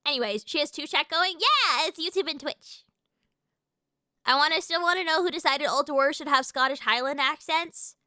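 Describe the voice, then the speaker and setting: High, bright-voiced excitable woman streamer. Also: moderate pace, dry recording, clean studio sound. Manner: excitable, swears freely, lots of fillers and restarts. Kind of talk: casual live-stream chat, reacting to chat.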